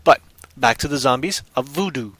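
Bright-voiced man in chatty podcast banter. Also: medium pitch, animated, normal speed, dry recording. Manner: rambling, jokey, bursts of loud goofy voices. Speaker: podcast host. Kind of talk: casual chat.

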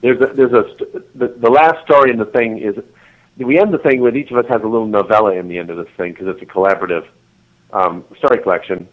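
A man's voice: lowish voice, fast talker, narrow, tinny audio. A man being interviewed as an author, chatting casually and rambling with lots of restarts and giggles. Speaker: author guest.

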